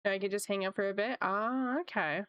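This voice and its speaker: A woman art streamer chatting casually with her viewers, upbeat and laughing often, her voice jumping high when excited, with a slight cough from a coming sore throat. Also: fairly quick, clean tone, no room sound, lo-fi sound. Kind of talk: casual chat with live chat viewers.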